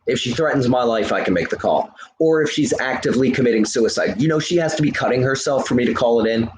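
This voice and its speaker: A man's voice: medium pitch, lively intonation, quick pace, reverberant, a little hiss or hum. Heated, profane man ranting to chat. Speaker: livestreamer. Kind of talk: live stream rant to chat.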